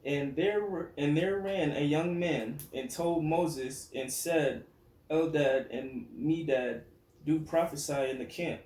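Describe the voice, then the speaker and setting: Steady man reading scripture, echoey. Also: fairly high pitch, takes it slowly. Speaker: scripture reader. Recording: echoey room, faint background noise.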